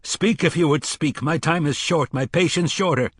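A man voicing a grim, stoic gunslinger in an audiobook, calm and terse, with a husky voice. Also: on the high side, normal speed, no echo, studio quality, voice pushed up. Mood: commanding. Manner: calm and terse, commanding when pressed. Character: grim, stoic male gunslinger, hardened wanderer. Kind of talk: audiobook character voice.

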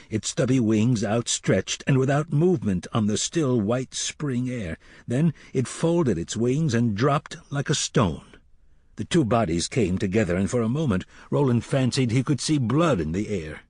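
A man reading a dark fantasy audiobook in a measured, dramatic storytelling manner. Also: mid-range voice, lively intonation, husky, no room sound, studio quality. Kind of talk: audiobook narration.

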